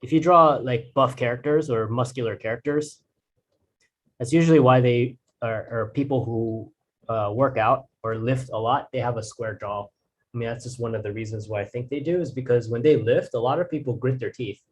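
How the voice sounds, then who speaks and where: A man's voice: medium pitch, normal speed. A man teaching drawing in a casual, rambling way, restarting sentences and using fillers. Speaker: art instructor.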